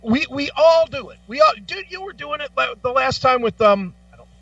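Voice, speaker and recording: A man co-hosting a radio talk show, telling stories with lots of profanity in a lively, animated way. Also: extremely high pitch, fairly quick, vocal fry, no echo, recorded from a distance, lo-fi sound. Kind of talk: casual chat. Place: radio studio.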